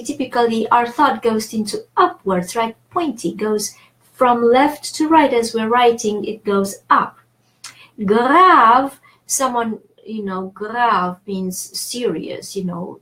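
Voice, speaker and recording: A middle-aged woman gives an online language lesson. Her voice sits a little high, and she explains in a lively, talkative way. She breaks in now and then with self-aware asides. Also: poor audio. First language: French. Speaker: French teacher.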